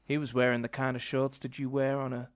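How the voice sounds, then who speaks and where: A man voicing a fussy, long-winded man in a deliberately bad, over-theatrical Southern American accent. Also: medium pitch, level tone, no echo, clean studio sound, lightly acted. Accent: put-on Southern American. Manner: rambling, over-theatrical stage delivery.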